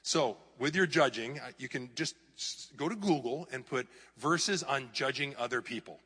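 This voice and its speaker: A middle-aged male pastor preaching an animated sermon in a church, sometimes mocking clickbait headlines in a raised voice. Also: mid-range voice, normal speed, slightly rough, in a large hall. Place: church hall.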